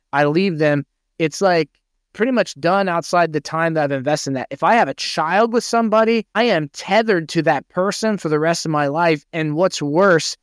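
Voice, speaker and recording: Smooth-voiced podcast host, rambling. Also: male voice, a little high, no echo, clean studio sound. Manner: thoughtful, rambling, many restarts. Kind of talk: casual conversation.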